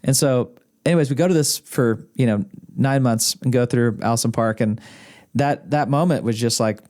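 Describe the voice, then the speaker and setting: The man speaks at a moderate pace in a mid-range, darkish voice. An Arkansas native and the host's husband, he appears as a podcast guest telling rambling, casual stories, often chuckling and starting sentences again, in an indoor podcast studio room.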